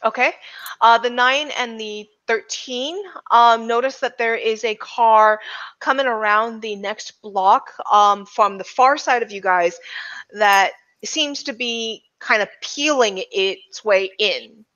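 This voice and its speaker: Bright-voiced woman running a tabletop game. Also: fairly high pitch, takes it slowly, dull audio. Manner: loose, filler-heavy narration with frequent restarts. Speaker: game master.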